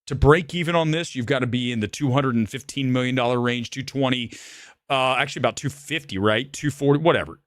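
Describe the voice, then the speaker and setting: A man's voice: mid-range voice, fast talker, no echo, clean studio sound. A man ranting angrily as he reviews a film live, repetitive and heated, saying he is shaking with anger. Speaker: movie reviewer.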